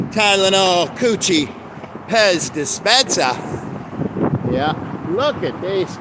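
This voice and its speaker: A man's voice: a little high, expressive, a little slow. Chatty man streaming from a roadside. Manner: chatty, jokey, greets viewers by name, sings snatches of songs. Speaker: livestream host. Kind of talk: rambling live-stream chat. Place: outdoors by a road with passing traffic. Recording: outdoor phone recording with clear traffic noise. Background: street and car noise.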